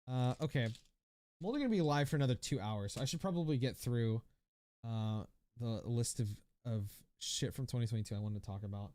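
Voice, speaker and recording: A man's voice: medium pitch, brisk, mellow. A young man in his twenties chatting on a casual livestream, rambling with lots of swearing, fillers and restarts as he reads viewer comments. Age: 20s.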